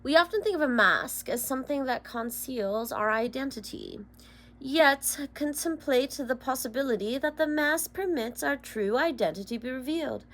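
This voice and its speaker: A woman's voice: fairly high pitch, gravelly. Young woman, tarot reader, casual vlog, swears and laughs between solemn card readings.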